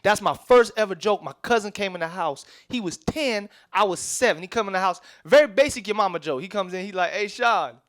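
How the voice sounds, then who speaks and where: High-voiced streetwise stand-up comic. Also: male voice, expressive. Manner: loose, streetwise storytelling with quick asides to the crowd. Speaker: stand-up comedian. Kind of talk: stand-up comedy set. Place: comedy club stage.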